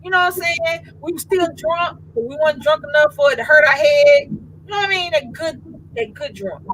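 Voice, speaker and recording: A woman in her fifties, co-hosting a casual chat and telling an animated comic story in slangy, laughing talk. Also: high-pitched, normal speed, a little hiss or hum, low-quality recording. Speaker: co-host.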